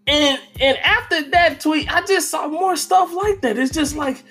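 A man's voice: very high-pitched, unhurried, bright, forceful tone, soft background music. A man ranting about gaming fans in a heated, profane, casual style. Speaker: gaming commentator. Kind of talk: casual rant to camera.

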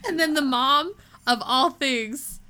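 Casting: bright, forceful woman, lively co-host voice, recaps scenes with playful quoted lines. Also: high voice, slow. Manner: animated, acts out quotes from scenes. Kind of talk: casual chat.

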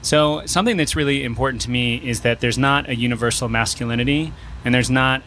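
A man's voice: medium pitch, a little fast, fairly bright tone, slight background noise. A man from New Mexico speaking on a panel, thoughtful and playful, sometimes acting out voices. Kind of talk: casual panel talk.

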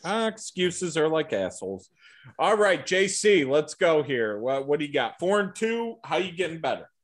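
Man, podcast host, lively voice, slightly high, joking, swears casually. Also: moderate pace. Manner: joking and profane. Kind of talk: casual sports podcast chat.

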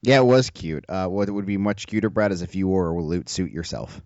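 A man with a low voice chiming in on a casual podcast, correcting details and teasing the others. The sound is dry and a little dull. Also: brisk, darkish tone, no room sound. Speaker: podcast co-host.

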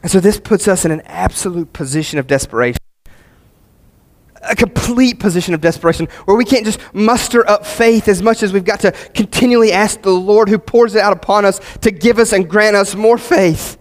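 A male pastor preaches a sermon a little fast and in earnest, repeating key phrases. He swings between emphatic peaks and quiet, low passages.

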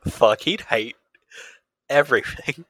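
An Australian man co-hosting a podcast in casual chat, playful and quick to laugh. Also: medium pitch, a bit bright, no room sound. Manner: laughs easily, playful banter. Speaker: podcast co-host.

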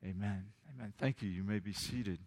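A pastor preaching a sermon in a church sanctuary, talking loosely with frequent restarts and going soft and hushed in prayer. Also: male voice, mid-range voice, animated, normal speed. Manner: conversational, paraphrases with frequent restarts; soft, hushed voice when praying. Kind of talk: sermon with scripture reading and prayer.

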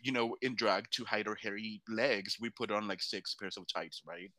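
A man who performs in drag, telling a long story in casual chat, lively, swearing freely and acting out what others said. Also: on the low side, normal speed, no echo. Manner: animated, swears freely, acts out quoted voices. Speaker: drag performer, podcast guest.

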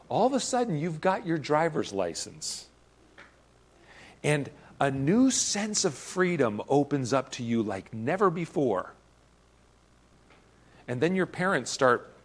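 A man preaching a sermon, earnest and emphatic, often repeating words as he presses a point. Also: medium pitch. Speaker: pastor.

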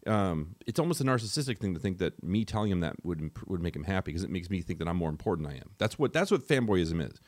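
A young man co-hosting a casual podcast, talking fast with lots of animated asides. His voice sits fairly low, and the sound is close and dry with no room echo. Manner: rapid, opinionated, animated asides. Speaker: podcast co-host.

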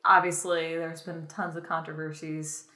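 A woman's voice: deep voice, little pitch movement, moderate pace, pushed and bright, roomy sound. A woman co-hosting a casual film review chat, rambling with lots of filler words and laughs. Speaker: podcast co-host.

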